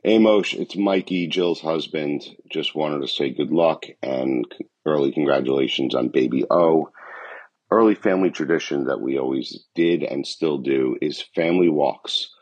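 A man with a very deep, husky voice sends a relaxed recorded message. He offers family advice in a casual, encouraging way. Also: moderate pace, lo-fi sound. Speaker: family member giving advice.

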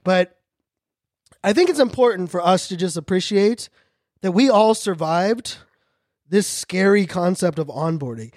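A man hosting a podcast, talking fast and joking in a high-energy casual monologue. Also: animated, darkish tone, dry recording, studio quality. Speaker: podcast host.

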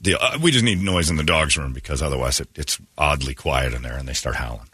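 A man hosting a radio show, ranting and teasing in animated, casual talk from a studio. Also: rumbling low, fast, breathy edge, dry recording. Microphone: studio microphone.

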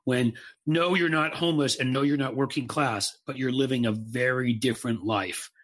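A man's voice: mid-range voice, steady tone, normal speed, fairly bright tone. A man co-hosting a casual political talk show, opinionated and emphatic. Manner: opinionated, emphatic, swears for punch. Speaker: podcast co-host.

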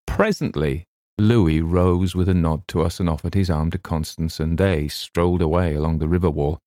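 A man narrating a classic story in a measured, deliberate way. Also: deep voice, dark tone, no echo, studio quality. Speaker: audiobook narrator. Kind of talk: scripted narration.

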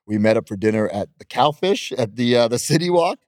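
A man's voice: mid-range voice, lively intonation, a little fast, darkish tone, no room sound, studio quality. A man in his thirties, a professional wrestler, chatting in an interview in a brash, boastful way and laughing often. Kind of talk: casual interview chat.

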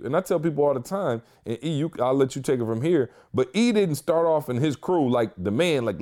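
A man's voice: medium pitch, animated, fairly quick, few pauses, darkish tone. A man co-hosting a podcast in casual chat, loose and rambling, often saying "you know.". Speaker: podcast co-host.

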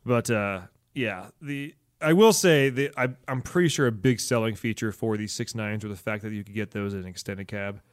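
A man's voice: lowish voice, moderate pace, few pauses, dry recording, studio quality. A man co-hosting a casual chat, laid-back and rambling, often trailing off. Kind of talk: casual chat about trucks.

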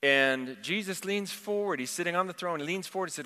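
Impassioned preacher in a reverberant hall. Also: male voice, sits high, brisk, sharp tone, clear, resonant tone. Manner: impassioned storytelling, quoting scripture. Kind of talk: sermon.

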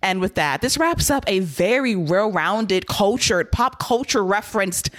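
A woman hosting a casual wrestling podcast, lively and blunt, laughing often. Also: mid-range voice, measured pace, no room sound. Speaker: podcast host.

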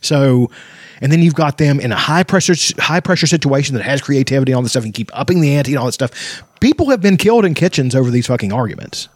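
A man's voice: mid-range voice, animated, fast, dry recording, studio quality. A man in casual chat who swears freely, tells rambling stories and laughs often.

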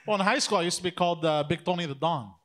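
A man's voice: high-pitched, very fast, fairly bright tone. A young man casually telling a profane anecdote in a group chat.

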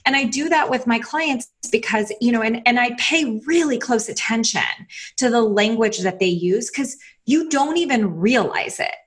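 A woman's voice: a little high, expressive, normal speed. A woman coach speaking as a guest, giving casual conversational advice in a chatty, filler-heavy way, with small laughs between phrases. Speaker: guest coach who works with clients.

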